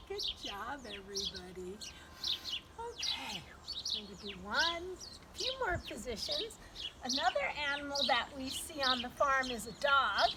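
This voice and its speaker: A woman leading a yoga lesson for young children outdoors, gentle and coaxing with playful animal sounds. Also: high-pitched, sing-song, measured pace, very noisy. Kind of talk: sing-song kids' yoga lesson. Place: outdoors in a yard with birdsong. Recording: outdoor recording with loud birds. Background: loud birdsong.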